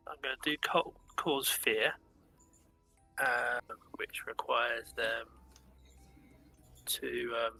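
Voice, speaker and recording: Bright-voiced man playing a tabletop game. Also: mid-range voice, fairly even intonation, drawn-out words, creaky, long pauses, slightly rough, faint music behind, poor audio. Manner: earnest, stammering repeats. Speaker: player. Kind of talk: tabletop role-play, in character.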